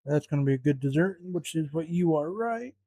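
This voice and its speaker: A man's voice: a little high, fairly even intonation, fast talker, warm tone, no room sound. A man cooking at home, talking to himself in a flustered, muttering way and swearing often. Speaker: home cook vlogger. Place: home kitchen.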